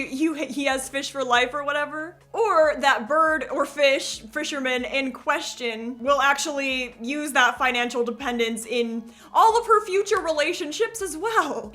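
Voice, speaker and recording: A woman's voice: sits high, pushed and bright. A woman hosting a commentary video, narrating with sarcastic joking asides. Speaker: commentary channel host.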